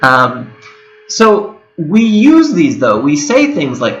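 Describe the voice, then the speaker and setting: Bright-voiced young man lecturing in an echoey room. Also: a little high, very animated, slow, highs cut off. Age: 20s. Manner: conversational, with frequent fillers and self-corrections. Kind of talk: recorded video lecture. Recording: echoey room with a whirring hum.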